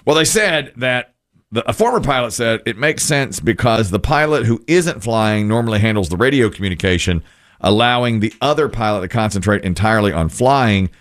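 A middle-aged man hosting a radio show, chatting casually and telling stories with animation. His voice sits low but swings widely in pitch as he acts out the people in his tales. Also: expressive, fairly quick, a bit bright. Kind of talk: casual chat and storytelling.

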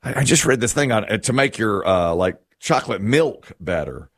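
A middle-aged male host chats in a rambling, storytelling way, his pitch rising and falling with animation. His voice sits a bit low, and the recording is close and dry. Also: lively intonation, moderate pace, husky, no room sound. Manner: chatty, rambling, with restarts and storytelling. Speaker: radio show host. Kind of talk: casual on-air chat.

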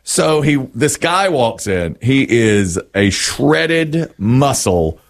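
A middle-aged man co-hosting a radio show, telling a story with animated, acted-out quotes. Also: mid-range voice, slow pace, creaky. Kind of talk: casual radio banter.

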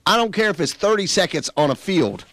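A man's voice: sits high, very animated, fairly quick, fairly bright tone, dry recording. A man co-hosting a sports radio show, giving his opinion casually with many restarts. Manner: casual, hesitant restarts, laid-back pushback. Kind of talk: heated sports radio debate.

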